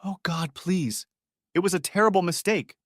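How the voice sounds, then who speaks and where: A man's voice: a little high, big pitch swings, normal speed, fairly bright tone, no echo, clean studio sound, pitched above the performer's own voice. A man voicing a tearful, guilt-ridden middle-aged wife who begs and sobs. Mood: pleading. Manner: pleading, sobbing.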